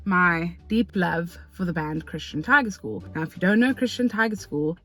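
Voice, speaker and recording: A young South African woman talking to camera from her car, telling a story in an excitable, chatty way with lots of slang and fillers. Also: on the low side. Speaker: vlogger. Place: parked car.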